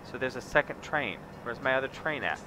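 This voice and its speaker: A man's voice: medium pitch, lively intonation, a little fast. A man streaming a farming game, muttering wry casual commentary to himself as he plays. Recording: noisy background.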